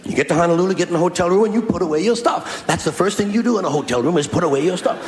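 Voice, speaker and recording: A man's voice: high-pitched, expressive, rapid-fire. A man doing an observational stand-up routine in a sardonic, repetitive riffing style. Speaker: stand-up comedian. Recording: echoey live hall recording with background noise.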